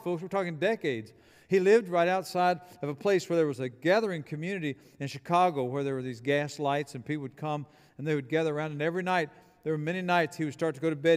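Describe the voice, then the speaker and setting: High-voiced emphatic preacher in an echoing hall. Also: male voice, a little mellow, clear, resonant tone. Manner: emphatic preaching with call-and-response. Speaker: pastor. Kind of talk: sermon. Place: church building.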